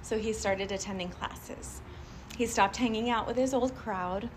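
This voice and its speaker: A woman giving a live motivational talk to a group, animated and chatty, often laughing and asking the audience questions. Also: a little high, a little slow, slight background noise. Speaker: motivational speaker addressing a group.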